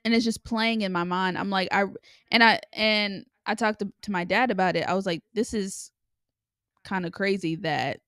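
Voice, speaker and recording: A woman's voice: mid-range voice, steady tone, fairly quick, sharp tone, clear, resonant tone, dry recording, clean studio sound. A young woman telling a personal story in a candid, chatty way, full of likes and ums, as a podcast host. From Los Angeles area. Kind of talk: casual storytelling monologue.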